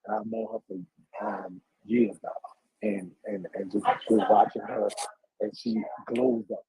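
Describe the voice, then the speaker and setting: A man hosts a casual live stream with a dark, mellow tone and a very raspy, gravelly voice. He talks in a halting way, padding his questions with fillers as he urges his guest on. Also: lowish voice, big pitch swings, no room sound, poor audio. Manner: hesitant, full of fillers, encouraging. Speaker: livestream host and interviewer. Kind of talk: casual livestream interview.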